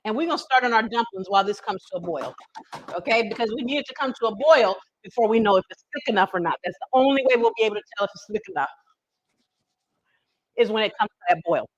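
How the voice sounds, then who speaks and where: A woman with a mid-range, expressive voice talks fast on a dry, lo-fi recording. She's hosting a casual live cooking stream, chatty and folksy, speaking directly to viewers and tossing in teasing asides.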